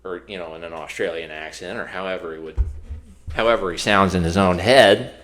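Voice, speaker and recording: A man's voice: sits low, fairly quick, fairly bright tone. A man co-hosting a podcast in casual chat, telling a long story with many restarts and fillers. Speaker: podcast co-host.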